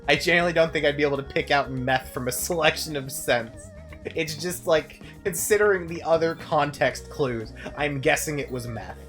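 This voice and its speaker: A man's voice: on the high side, normal speed, fairly bright tone. Brief: young male streamer, rambling and profane, chuckling, faint game music underneath. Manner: rambling, profane, laughs often. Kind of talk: casual gameplay commentary.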